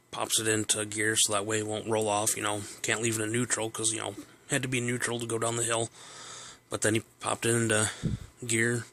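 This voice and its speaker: A man's voice: on the low side, fairly bright tone. A man casually telling a personal story, rambling with fillers and restarts.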